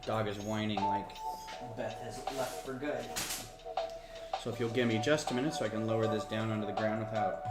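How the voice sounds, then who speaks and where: A man with a low voice hosts a casual livestream from home, rambling and thinking aloud as he builds. He sits a little back from his desk mic, and music plays clearly underneath. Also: steady tone, fairly quick. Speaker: host of a LEGO design livestream. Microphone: desk mic, a bit farther off than usual.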